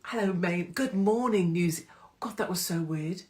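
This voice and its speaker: A woman's voice: fairly low pitch, steady tone, normal speed, a little mellow. Chatty woman hosting a livestream. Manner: chatty, teasing, greets viewers by name. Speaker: host of a live online pub show. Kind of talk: casual live-stream chat. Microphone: phone livestream.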